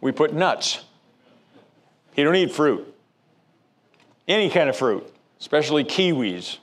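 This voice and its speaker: A man's voice: fairly high pitch, very animated, measured pace, a little hiss or hum. A man preaching a sermon as pastor, telling a story with frequent stammered restarts.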